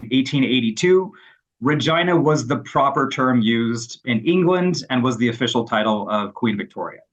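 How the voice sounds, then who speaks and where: Man, interview clip, relaxed conversational explaining, slightly dull audio. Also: mid-range voice, moderate pace. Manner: relaxed, uses fillers like um. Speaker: interviewed expert. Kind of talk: interview answers.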